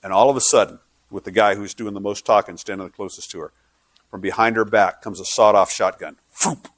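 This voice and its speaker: A man's voice: lowish voice, steady tone, fast talker, dry recording. A male pastor preaching a sermon, telling stories in a conversational way and building to fervent preaching.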